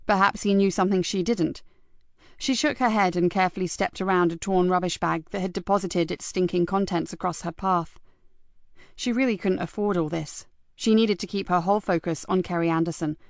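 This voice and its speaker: A woman reading a crime audiobook in a measured, even voice. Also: lowish voice, no echo, clean studio sound. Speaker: audiobook narrator. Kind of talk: scripted narration.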